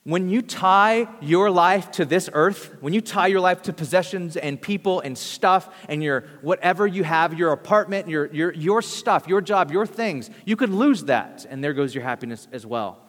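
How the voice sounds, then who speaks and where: A man's voice: high voice, normal speed, hardly any pauses, a bit bright, in a large hall. A man preaching a sermon as pastor, conversational and storytelling, acting out quotes.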